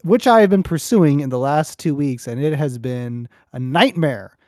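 A man's voice: a little high, expressive, normal speed, darkish tone, no room sound, clean studio sound. A young man, a podcast host, chatting casually and telling a story with lots of restarts. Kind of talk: casual chat.

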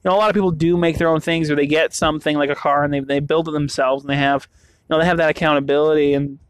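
A man's voice: a little high, steady tone, quick pace, smooth, no echo. A young man from the western US talking casually on his own, rambling with many restarts and fillers. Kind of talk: casual monologue.

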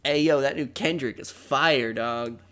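A man's voice: medium pitch, unhurried, fairly bright tone, close to an everyday voice. A man doing a slangy skeleton bro. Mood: bro-ish. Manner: slangy, laid-back bro talk. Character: young male skeleton, a slang-talking bro simp.

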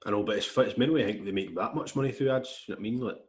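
A young Scottish man co-hosting a podcast, chatting in an easygoing, hesitant way with many pauses and ums. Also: mid-range voice. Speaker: podcast co-host. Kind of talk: casual chat.

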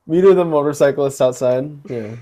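A man's voice: mid-range voice, normal speed. A young man co-hosting a podcast, telling stories in a casual chat and acting out what people said. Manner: animated storyteller who acts out quotes. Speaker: podcast co-host.

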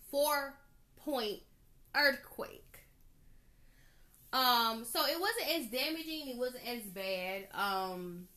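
Bright-voiced chatty woman podcaster. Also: fairly high pitch. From Georgia, US. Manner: chatty, animated, laughs often. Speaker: podcast host. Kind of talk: casual solo podcast talk.

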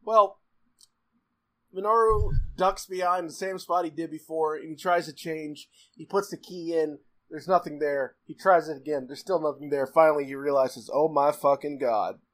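A man's voice: on the high side, a bit bright. A man co-hosting a casual podcast, swearing freely, laughing often and acting out characters' lines as he recaps a show.

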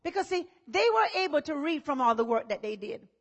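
A woman pastor preaching a sermon in a conversational style, acting out what people say and building up to shouts. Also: high-pitched, very animated, brisk.

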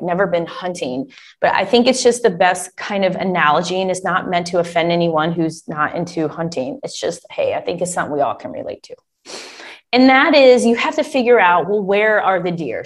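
A woman coaching an audience in a lively, chatty way, calling them y'all. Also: mid-range voice. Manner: animated, chatty, addresses listeners as y'all. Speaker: government contracting coach. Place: Michigan.

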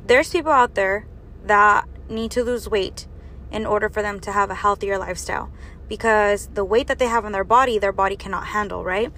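A woman's voice: mid-range voice, brisk, a bit bright, a little hiss or hum. A woman giving an earnest faith and health talk, exhorting her listeners with strings of rhetorical questions. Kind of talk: preaching monologue.

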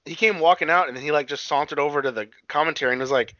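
A man's voice: on the high side, racing, sharp tone, dry recording, muffled recording. A man chatting casually as a co-host, rambling with lots of fillers, restarts and swearing. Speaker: podcast co-host recapping wrestling. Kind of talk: casual chat.

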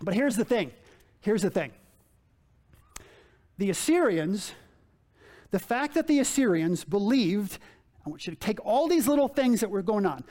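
A male pastor preaching in a loose, conversational way, with a notably high voice. He repeats his key phrases and keeps putting rhetorical questions to his listeners. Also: very animated, a little slow, pauses often, darkish tone. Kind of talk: sermon.

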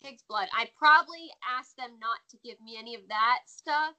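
An American woman talks as a guest in a relaxed interview. Her voice sits a little high and sounds bright and clear. She is animated and laughs easily. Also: moderate pace, lo-fi sound. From United States. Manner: chatty, laughs often, animated. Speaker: guest, former wrestler. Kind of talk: casual interview chat.

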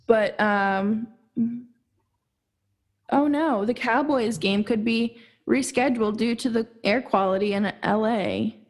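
A young woman co-hosting a casual sports podcast, chatty and quick to laugh, with lots of fillers. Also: on the high side. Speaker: podcast co-host.

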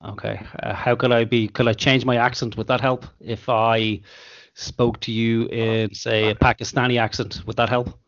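A man hosting a podcast over an internet call, measured and dry, with casual swearing. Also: medium pitch, flat delivery, a bit bright, lo-fi sound. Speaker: podcast host.

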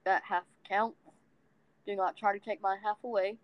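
A woman's voice: mid-range voice, steady tone, moderate pace, no echo, lo-fi sound. A woman from the American South with a Southern accent, chatting casually as a podcast co-host and rambling with frequent asides. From Southern United States. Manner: rambling, self-deprecating, many ums and anyways. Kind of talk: casual chat.

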